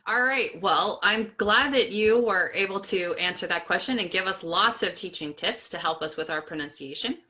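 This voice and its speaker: A woman hosting a teaching podcast, putting questions to her guest in an upbeat, encouraging way. Her voice has a bright, clear edge. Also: mid-range voice, normal speed, few pauses. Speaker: podcast host. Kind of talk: interviewing a guest.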